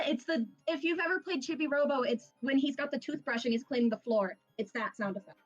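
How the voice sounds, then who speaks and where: A woman's voice: sits high, fairly quick, few pauses, lo-fi sound, soft background music. A woman acting as game master, narrating a tabletop game in a casual, chatty way with many fillers. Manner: casual, laughing, full of fillers.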